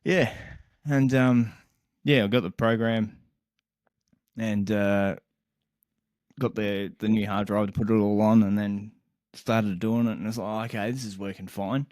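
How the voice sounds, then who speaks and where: A young man on a casual podcast, co-hosting and telling a story in an animated, exasperated way, swearing constantly and laughing mid-sentence. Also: on the low side, measured pace, pauses often, clean tone, no echo, clean studio sound. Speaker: podcast co-host.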